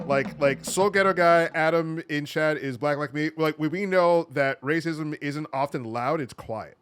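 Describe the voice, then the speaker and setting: A fairly high-voiced man talks through a movie in casual chat. He is animated and quick with his asides, often breaking into laughter. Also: smooth. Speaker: podcast co-host.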